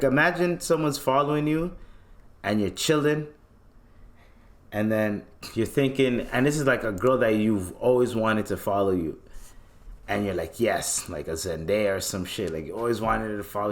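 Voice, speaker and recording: A young man from Canada hosting a casual solo podcast, talking in loose slang and acting out little scenes as he goes. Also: lowish voice. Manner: loose, slangy and animated, acts out voices in bits. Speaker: podcast host.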